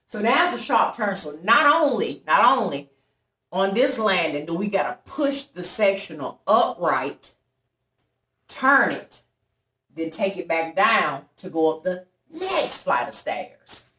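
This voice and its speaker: In an echoey apartment room, a woman vlogger with a lowish voice tells her viewers a long story at a measured pace, her voice off-mic. Her retelling is casual yet dramatic and animated, with people's voices acted out loudly.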